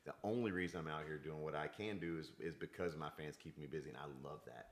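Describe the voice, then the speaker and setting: A man's voice: a bass voice, fast. A man, a country singer guest telling stories in a casual podcast chat and acting out what people said. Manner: animated storyteller, acts out quoted exchanges.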